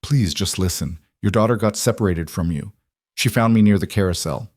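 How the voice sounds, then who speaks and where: A man's voice: sits low, moderate pace, darkish tone, no room sound, studio quality. A man voicing a desperate single father who pleads in a panic to be believed. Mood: pleading.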